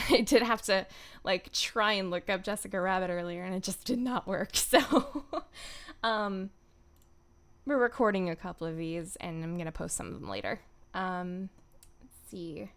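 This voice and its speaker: A woman's voice: mid-range voice, a bit bright, clear, resonant tone. A woman streamer in casual live-stream chat who is giggly and rambling, with lots of ums. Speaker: streamer and voice actor.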